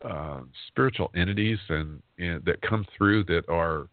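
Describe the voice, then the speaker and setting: A man's voice: low-pitched, a little slow, dry recording. A man in his fifties hosting a talk radio show, chatting casually and rambling, often laughing as he talks. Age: 50s. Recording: dry, phone-like internet radio audio.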